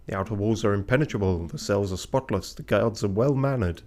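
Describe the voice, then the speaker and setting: A man voicing a pompous male bird lawyer in a theatrical manner, close to his own low voice. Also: fairly quick, darkish tone, lightly acted. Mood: formal.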